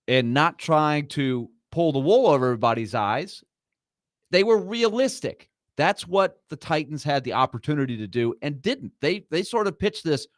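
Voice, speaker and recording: A man's voice: on the high side, lively intonation, normal speed, dry recording. A man hosting a sports talk show, arguing his points emphatically and animatedly.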